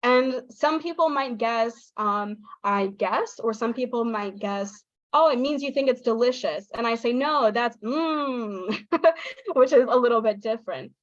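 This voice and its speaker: An American woman, a young adult, giving an online talk to English teachers, lively and acting out intonation patterns as she explains them. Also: unhurried, no echo, highs cut off. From United States. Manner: lively, demonstrates intonation with exaggerated pitch.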